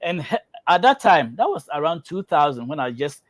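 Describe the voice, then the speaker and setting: A man's voice: fairly high pitch, big pitch swings, normal speed, no echo. A man hosting a health show, telling a lab prank story with many fillers and then reading out test result guidance.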